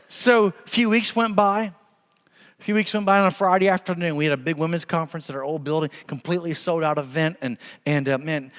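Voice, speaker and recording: A middle-aged man preaching a sermon, telling stories with humor in an animated way. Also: high voice, big-room sound. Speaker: pastor. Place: church sanctuary.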